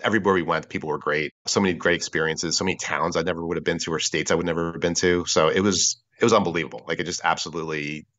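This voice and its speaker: A man with a low voice tells his story at a quick clip over a video call. He gets animated, swears freely and acts out what other people said. The audio is dry and dull, like a compressed internet call. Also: no room sound. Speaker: podcast guest.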